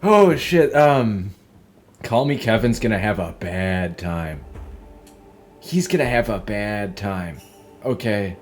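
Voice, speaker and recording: A man's voice: fairly low pitch, slow pace, soft background music. A young man giving casual gameplay commentary as a streamer, rambling and swearing, and laughing often at his own tangents. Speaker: gaming streamer.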